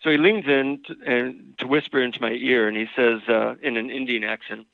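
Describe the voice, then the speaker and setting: A man with a gravelly, slightly high voice telling relaxed stories as an interview guest. He speaks as an author and family therapist. His voice comes through a tinny phone line. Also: brisk, hardly any pauses, no echo. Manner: relaxed anecdotal storyteller. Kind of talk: interview with storytelling.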